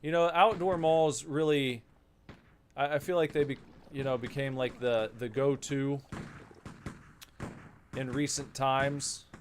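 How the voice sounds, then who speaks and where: A man casually commenting while playing a video game, rambling into wry, mock-serious rants. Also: medium pitch. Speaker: gaming channel host. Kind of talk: casual let's-play commentary.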